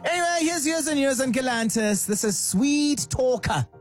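A man hosting a radio show, talking in a lively, sing-song, playful way. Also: very high-pitched, moderate pace, soft background music. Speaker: radio host. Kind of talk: upbeat radio chat. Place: radio studio.

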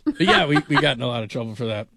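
A man's voice: mid-range voice, lively intonation, very fast, gravelly, pushed and bright, dry recording, clean studio sound. A man hosting a sports radio show in a casual, rambling, self-deprecating way, laughing often.

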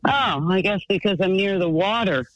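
A man voicing a rambling, excitable woman calling in to a radio show. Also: high voice, moderate pace, no echo, dull audio. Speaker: caller.

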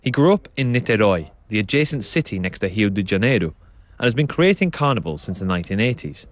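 A man presenting a radio documentary, narrating and describing what he sees in a calm, descriptive way. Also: fairly low pitch, fast. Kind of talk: documentary narration and on-site reporting.

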